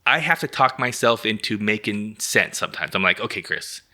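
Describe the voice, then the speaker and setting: A man co-hosting a podcast in casual chat, telling stories in an animated, profane way. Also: fairly low pitch, a little fast. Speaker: podcast co-host.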